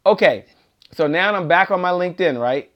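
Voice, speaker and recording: A man hosting a live online sales talk, energetic and repetitive, driving points home like a preacher. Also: high voice, moderate pace, dull audio. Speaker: host.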